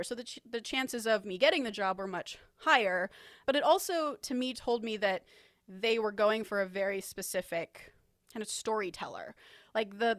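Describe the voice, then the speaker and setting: A woman's voice: medium pitch, dry recording, clean studio sound. Chatty woman co-hosting a podcast. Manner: chatty, laughs easily. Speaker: podcast co-host. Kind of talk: casual podcast conversation.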